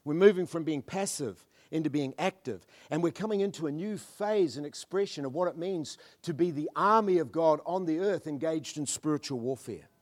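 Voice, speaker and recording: Man, high-pitched preacher; fervent, dynamic sermon delivery with quiet prayerful drops. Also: normal speed, hardly any pauses. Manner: swings from loud fervent declarations to hushed murmured prayer; mimics churchgoers in asides.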